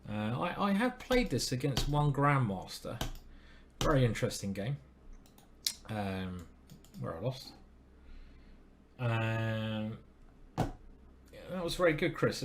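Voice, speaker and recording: A man's voice: mid-range voice, animated, a little slow, pauses often, noisy background. A man streaming live, commenting on his chess games and chatting to viewers with self-deprecating asides.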